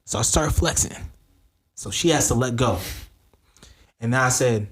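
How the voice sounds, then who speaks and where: A man's voice: mid-range voice, normal speed, pauses often. A man co-hosting a podcast, telling a story in casual chat and acting out the quoted lines. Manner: animated storyteller who acts out quoted lines. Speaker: podcast co-host.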